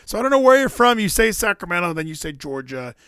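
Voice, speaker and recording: A man's voice: high voice, very animated, quick pace, fairly bright tone, clear, resonant tone, dry recording, clean studio sound. A man hosting a casual chat, teasing a friend and switching into mock-inspirational speeches. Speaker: streamer host.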